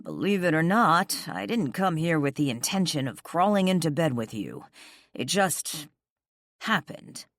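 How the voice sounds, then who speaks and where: A woman's voice: deep voice, big pitch swings, unhurried, no room sound, studio quality. A woman reading an arrogant young rock star man who growls and talks cocky, in an audiobook. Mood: defiant.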